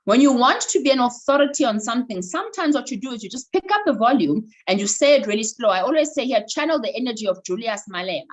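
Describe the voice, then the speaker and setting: A woman leading an online voice workshop over a video call, animated and coaxing. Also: a little high, quick pace, few pauses, poor audio. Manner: animated, instructive, coaxing participants. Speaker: voice coach running a workshop.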